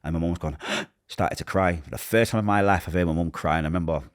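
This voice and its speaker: A deep-voiced man with a Manchester accent, telling his own story at a quick, pressing pace. He slips into the voices of the people he quotes and goes quiet and low when the memories hurt most. The delivery is raw and unscripted, an interviewee speaking from lived experience. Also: fairly even intonation. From Manchester, England. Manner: acts out quoted voices, drops to a hush at painful moments. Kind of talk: emotional personal storytelling.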